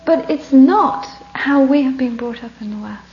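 This Buddhist teacher is a woman whose slightly high voice carries a gravelly edge, and she speaks at normal speed. Her talk centers on a story, with laughter between lines and breathy whispers for emphasis. The recording sounds dull and lo-fi, with a faint hum.

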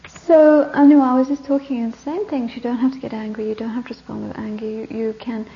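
A woman Buddhist teacher telling a story in a Dharma talk, animated and sometimes dropping to soft whispers for emphasis. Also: fairly high pitch, fast talker, lo-fi sound.

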